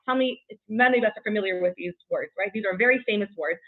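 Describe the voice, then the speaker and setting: Fast-talking woman teaching on a tinny line. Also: medium pitch. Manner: brisk and chatty, many "right?" checks and "um" fillers. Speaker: Torah class teacher. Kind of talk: casual Torah lesson. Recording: tinny phone-like audio.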